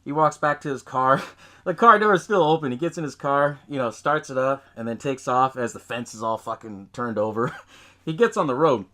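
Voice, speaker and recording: A man's voice: medium pitch, normal speed, bright, forceful tone. A man hosting a podcast, recapping a film in loose casual chat, swearing often, laughing and acting out lines from scenes. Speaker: podcast host.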